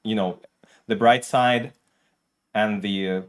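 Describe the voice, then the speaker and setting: A man with a rather low voice hosts a relaxed interview in English. He phrases his questions in halting pieces and keeps the tone reassuring. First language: Russian. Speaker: host. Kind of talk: casual interview.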